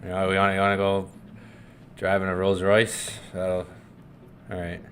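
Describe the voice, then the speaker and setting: A man hosting a live trading stream, chatting loosely and swearing, swinging from hyped call-outs to low muttering. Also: completely flat delivery, normal speed, fairly bright tone, slight background noise. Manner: loose and profane, swings between hype and muttering. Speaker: forex trading livestream host. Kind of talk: casual live-stream chat.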